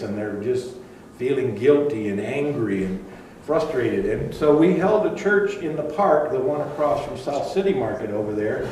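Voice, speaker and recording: A man's voice: medium pitch, mellow, slight background noise. An older man preaching a sermon in a conversational storytelling way, with asides and fillers. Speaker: pastor. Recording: echoey room, far from mic.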